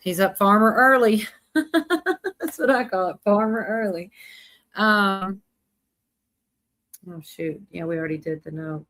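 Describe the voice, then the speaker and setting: A woman's voice: medium pitch, lively intonation, takes it slowly, pauses often, fairly bright tone. A woman hosting a livestream, talking casually in a rambling, chatty way and laughing often. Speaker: livestream host. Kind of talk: casual chat.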